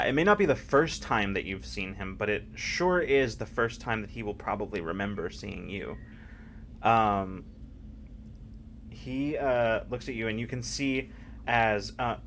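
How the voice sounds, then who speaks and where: Slow, low-voiced male game master. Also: a bit bright, a little hiss or hum. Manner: halting, thoughtful narration. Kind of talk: narrating a tabletop game.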